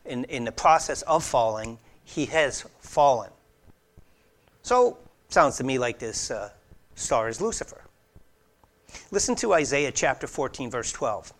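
A man preaching an earnest expository sermon, emphatic and conversational, swinging between loud declarations and hushed asides. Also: medium pitch. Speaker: pastor.

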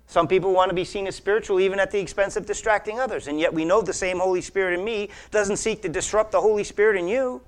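A man preaching a sermon, animated, acting out imagined voices and swinging from hushed asides to loud emphasis. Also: sits high. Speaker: pastor.

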